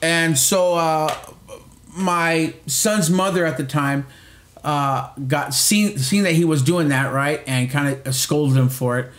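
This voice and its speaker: A man's voice: mid-range voice, roomy sound. A middle-aged man co-hosting a podcast, telling a long rambling story in casual chat with lots of restarts and swearing. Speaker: podcast co-host.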